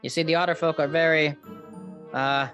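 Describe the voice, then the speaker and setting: A man's voice: on the high side, steady tone, normal speed, a bit bright, lo-fi sound, faint music behind, pitched above the performer's own voice. A man voicing a hefty, proud male otter-folk king who speaks in a commanding, regal manner. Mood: haughty.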